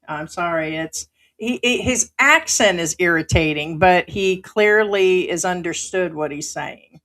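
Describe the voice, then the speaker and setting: A woman's voice: fairly low pitch, measured pace, a bit bright. Emphatic woman reacting to live chat. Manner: reads viewer comments aloud and reacts, emphatic and indignant. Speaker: livestream host.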